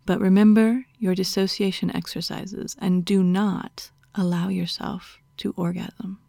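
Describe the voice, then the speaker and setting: A woman's voice: medium pitch, little pitch movement, a little slow, vocal fry, mellow, dry recording, clean studio sound. A woman voicing a stern, dominant female doctor who gives orders and scolds in a half-whispered voice, as whispered role-play. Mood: commanding.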